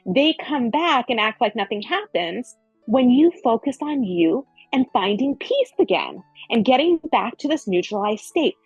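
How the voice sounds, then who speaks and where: Husky-voiced woman coaching earnestly. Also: on the high side, no echo, dull audio. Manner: earnest, repeats phrases for emphasis. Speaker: spiritual relationship coach. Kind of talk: casual spiritual coaching talk.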